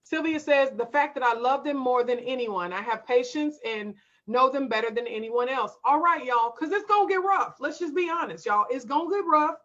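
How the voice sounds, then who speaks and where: A woman's voice: sits high, moderate pace, fairly bright tone, dull audio. A woman hosting a homeschool livestream, chatting casually with viewers and reading their comments aloud in an emphatic, folksy way.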